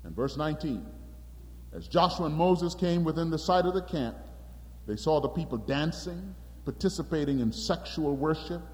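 An emphatic man preaching a sermon, his high voice leaping up and down with animated energy. He calls out to the congregation, and each phrase rings on in a long hall reverb. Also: normal speed. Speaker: pastor.

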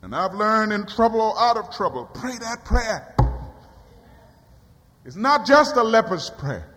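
A man preaching a sermon in a church, swinging from quiet low passages to high cries. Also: very animated, moderate pace. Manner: dramatic rising cries and quiet drops. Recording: long hall reverb.

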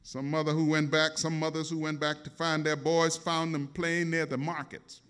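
A man's voice: on the high side, flat delivery, moderate pace, a bit bright, clean tone. A man preaching a sermon, dramatic and emphatic, calling out questions to his congregation. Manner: dramatic, call-and-response, emphatic.

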